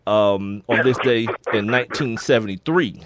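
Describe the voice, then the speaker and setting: A man co-hosting a sports podcast, talking in a relaxed, casual way and often laughing as he reads out sports history. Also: lowish voice, normal speed, background noise. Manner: laid-back, laughs often, reads listings with slips. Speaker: podcast co-host.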